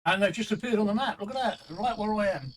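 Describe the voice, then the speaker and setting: A man's voice: sits high, fast talker, a little hiss or hum, rough recording. A man hosting a casual live-stream chat, chatty and teasing, often repeating himself. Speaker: stream host.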